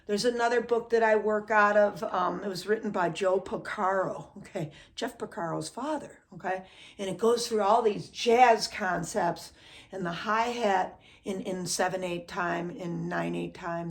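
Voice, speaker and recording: A middle-aged woman teaching a drum lesson in a casual way, checking in with a constant "okay?" and counting beats aloud. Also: fairly low pitch. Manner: says "okay?" after most phrases, counts beats aloud.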